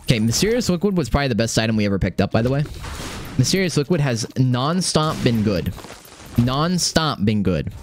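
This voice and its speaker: A young man giving casual live gameplay commentary, excitable and swearing often, repeating phrases under pressure. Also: medium pitch, fairly quick, faint music behind. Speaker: gaming streamer.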